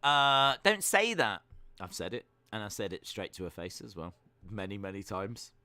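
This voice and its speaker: Brief: male streamer, young, teasing and self-mocking, animated pitch. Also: normal speed, no echo. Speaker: live-stream host reading chat. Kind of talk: casual watch-along chat.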